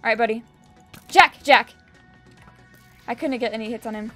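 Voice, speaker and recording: A young woman giving excitable gameplay commentary, cheering and shrieking as she plays. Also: on the high side, moderate pace, faint music behind. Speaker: gaming YouTuber.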